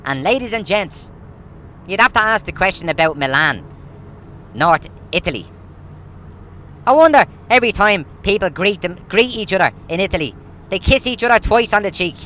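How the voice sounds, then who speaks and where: A man's voice: sits high, lively intonation, moderate pace, pauses often, sharp tone, slight background noise. A man, ranting in a casual monologue full of rhetorical questions. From Ireland. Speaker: vlogger.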